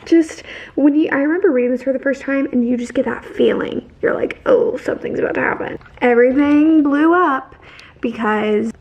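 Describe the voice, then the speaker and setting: A woman's voice: high voice, moderate pace, a little mellow, highs cut off. A woman recapping a novel in a casual, rambling way, full of fillers and restarts, and emphatic with her opinions. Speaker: book vlogger.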